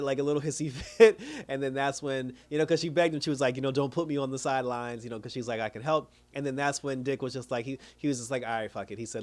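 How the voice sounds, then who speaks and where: A man casually recapping and reviewing a TV episode, chatty and laughing often as he retells scenes. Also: mid-range voice. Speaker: TV show reviewer.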